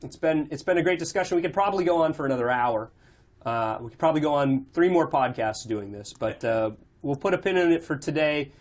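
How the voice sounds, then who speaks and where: A man's voice: a little high, lively intonation, a little fast. A man hosting a podcast, easygoing and agreeable as he talks through his views and wraps up the show. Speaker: podcast host. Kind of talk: casual podcast discussion.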